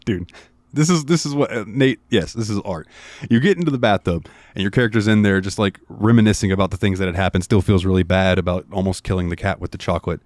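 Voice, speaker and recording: A man's voice: low voice, fast talker, darkish tone, no room sound. A man co-hosting a casual podcast, rambling through a game's story with lots of fillers. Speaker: podcast co-host.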